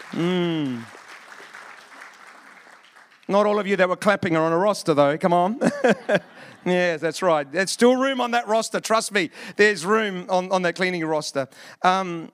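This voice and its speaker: High-voiced man preaching a folksy sermon. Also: fairly bright tone, clean tone. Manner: folksy storytelling with asides to the congregation. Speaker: pastor.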